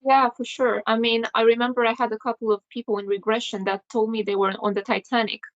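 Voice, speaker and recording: A woman's voice: on the high side, level tone, fast talker. Woman host on a muffled video call. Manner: attentive, frequent soft agreeing sounds. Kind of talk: casual video call interview.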